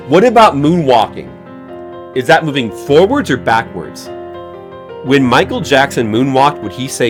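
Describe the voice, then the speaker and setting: A man's voice: mid-range voice, big pitch swings, a little slow. Goofy guy streaming a game, rambly, voice bouncing way up and down, faint game music. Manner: goofy, rambling, jokes to chat. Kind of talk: casual game-stream chatter.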